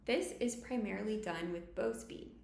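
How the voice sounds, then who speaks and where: Woman, violin teacher, gravelly voice, echoey room, faint hum behind, clear step-by-step tutorial. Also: mid-range voice, moderate pace, a little mellow. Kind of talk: instructional tutorial.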